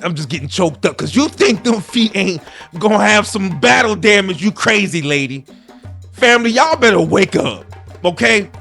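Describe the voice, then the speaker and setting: A man voicing a zealous, preachy male conspiracy-minded defender who rants in a sing-song way with sudden shouted bursts. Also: sits high, expressive, moderate pace, vocal fry, soft background music, exaggerated voice. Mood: indignant. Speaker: comedic character.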